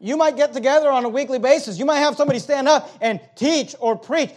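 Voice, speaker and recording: High-voiced man preaching emphatically. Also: quick pace, hardly any pauses. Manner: emphatic, repetitive preaching with swings in loudness. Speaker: pastor. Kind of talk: sermon. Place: church auditorium.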